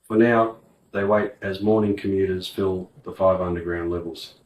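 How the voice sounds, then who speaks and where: Aussie guy reading an audiobook, low voice, roomy sound. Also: fairly even intonation, moderate pace, darkish tone, slight background noise. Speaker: audiobook narrator. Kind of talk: audiobook narration. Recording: roomy, distant mic.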